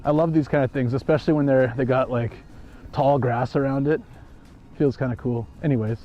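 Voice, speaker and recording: A man's voice: mid-range voice, fairly even intonation, brisk, lo-fi sound. Rambling man streaming from a park. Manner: rambling, chuckling, loose. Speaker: live streamer. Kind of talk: casual live-stream storytelling. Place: outdoors in a park.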